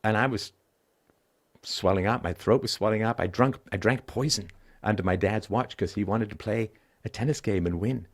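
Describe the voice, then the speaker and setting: Bluntly and with plenty of cursing, a middle-aged call-in host relates stories from his own life. He speaks at a moderate pace, sagging into a low, tired tone and then surging loud and emphatic.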